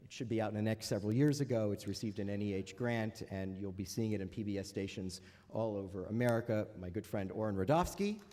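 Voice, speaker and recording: With slight background noise behind him, a man with a warm, fairly low voice talks at a quick pace as he moderates a panel. Dry jokes open his remarks, and wry asides sit between hesitant lines crowded with "uh"s, in a large lecture hall with a reverberant sound.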